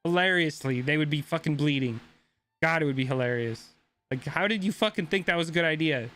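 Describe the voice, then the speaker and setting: A man's voice: on the high side, brisk, a bit bright, faint music behind. A young man streaming a game, ranting casually and swearing a lot as he talks to his chat. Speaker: gaming streamer.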